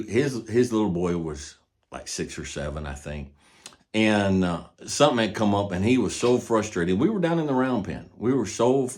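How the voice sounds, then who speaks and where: An older man with a very low, deep voice talks about horses in a relaxed, folksy manner. He tells stories at an easy pace, and his voice often falls to a quiet murmur at the ends of thoughts. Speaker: horse trainer. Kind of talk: casual teaching talk.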